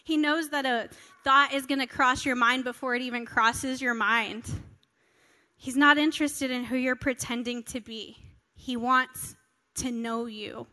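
A woman in her thirties delivers an earnest, conversational sermon to a family congregation. Her voice sits high and bright, and she talks like she's chatting with friends. A long reverb from the church hall trails behind her words. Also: fairly even intonation, unhurried. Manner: earnest, conversational, acts out quoted prayers. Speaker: pastor.

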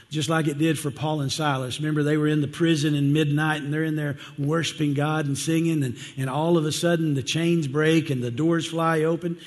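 A male pastor giving a sermon in a conversational, earnest way, often asking the congregation questions. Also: medium pitch. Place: church sanctuary. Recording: long church-hall reverb.

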